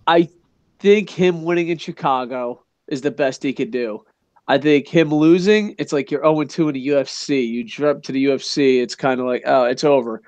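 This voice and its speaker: A man's voice: fairly high pitch, moderate pace, darkish tone, clean tone, dry recording, dull audio. Profane, rambling man talking wrestling. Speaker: podcast host. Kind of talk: casual wrestling chat.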